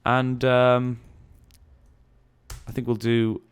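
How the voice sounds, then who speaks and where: A man's voice: medium pitch, monotone, extremely slow, smooth. A man giving casual, rambling gameplay commentary, musing aloud and swearing now and then. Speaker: gaming channel host.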